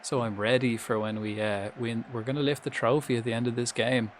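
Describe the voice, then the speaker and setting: A man's voice: medium pitch, fairly even intonation, fairly quick, a little hiss or hum. A young Irish man chatting casually on his live stream, swearing freely and coaching viewers through pronunciations. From Ireland.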